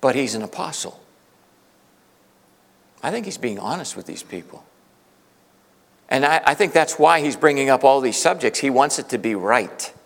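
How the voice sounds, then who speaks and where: A male pastor preaching a sermon, swinging from loud, emphatic peaks to hushed asides. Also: medium pitch, expressive, moderate pace, creaky, pauses often. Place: church sanctuary. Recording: reverberant church hall.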